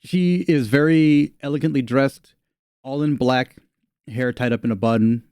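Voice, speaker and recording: A man's voice: mid-range voice, a little slow, a little mellow, clear, resonant tone, no echo, studio quality. A man narrating a tabletop game as game master, in a casual style with many "kinda" and "like" fillers.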